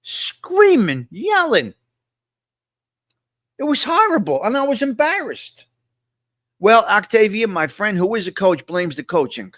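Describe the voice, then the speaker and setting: A man's voice: sits high, big pitch swings, normal speed, fairly bright tone, no echo, studio quality. A man hosting a casual live-stream chat, talking to viewers and repeating his points with emphasis. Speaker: host.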